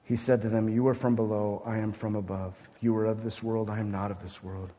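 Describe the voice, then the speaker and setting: A man preaching a sermon as pastor, urgent and emphatic one moment and hushed and grave the next. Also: on the low side, level tone, a little fast. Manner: emphatic preaching, swinging between loud urgency and hushed gravity. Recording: long hall reverb.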